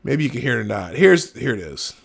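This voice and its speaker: A man's voice: mid-range voice, sing-song, brisk, gravelly. A middle-aged man hosting a live show, giving emphatic commentary with laughs. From Minnesota, United States. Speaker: host. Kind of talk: animated commentary.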